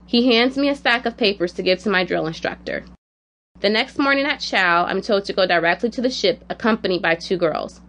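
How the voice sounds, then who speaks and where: A woman's voice: medium pitch, lively intonation, brisk, fairly bright tone. Woman telling a personal story. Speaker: narrator.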